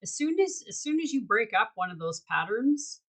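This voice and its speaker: A woman's voice: on the high side, big pitch swings, moderate pace, a bit bright, low-quality recording. A woman co-hosting a casual podcast chat, reflective and coaching, often restarting her sentences. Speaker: podcast co-host.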